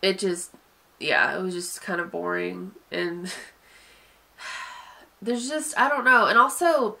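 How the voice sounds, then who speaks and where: A woman with a bright, sharp voice talks through a film review in a loose, casual way. She sounds sniffly and often stops to sigh, trailing into fillers and restarting her sentences. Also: on the low side, slow pace, vocal fry. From Southern United States. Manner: hesitant, sighing, meandering with many fillers. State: sniffly from allergies.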